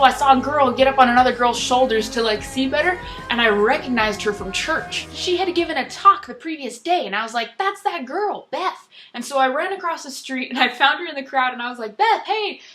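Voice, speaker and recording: Young woman, casual vlog storytelling, chatty and excitable, crisp bright tone. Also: sits high, brisk, soft background music. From United States. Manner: chatty, excitable, geeky enthusiasm. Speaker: travel vlogger.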